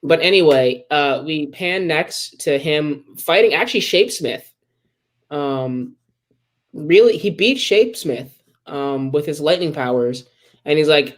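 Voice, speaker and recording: A man's voice: fairly high pitch, measured pace. A man co-hosting a podcast, casually recapping a comic book plot with many ums and acted-out quotes. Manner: rambling retelling with many ums and quoted asides. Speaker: podcast co-host.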